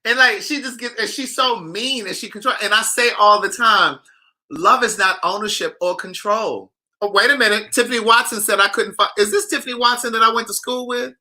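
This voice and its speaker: Sassy man with a very bright voice. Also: high-pitched, fairly quick. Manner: animated, sassy, talks straight to viewers. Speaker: author hosting a live chat. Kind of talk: casual gossip chat reading viewer comments.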